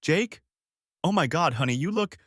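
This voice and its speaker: A woman's voice: sits low, expressive, normal speed, dry recording, clean studio sound, pitched above the performer's own voice. A man voicing a nosy, concerned woman neighbor in her forties who fusses over him in a storytime narration. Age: 40s.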